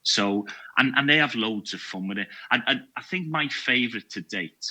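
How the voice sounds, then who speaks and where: A man's voice: mid-range voice, lively intonation, normal speed, bright, forceful tone, poor audio. A man, a podcast guest and security trainer, chatting casually in a jokey, self-deprecating way. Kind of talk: casual chat.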